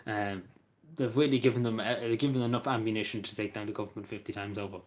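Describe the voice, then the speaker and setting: Irish man, live-stream chat, fairly low voice, halting, lots of fillers, apologetic to viewers. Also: fairly even intonation. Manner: rambling, halting, with many fillers and restarts.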